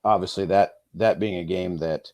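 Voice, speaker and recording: A man who coaches high school football, talking in a rambling, easygoing way with lots of fillers and restarts. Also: fairly even intonation, moderate pace, a little mellow, dry recording. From Kansas. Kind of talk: casual podcast interview.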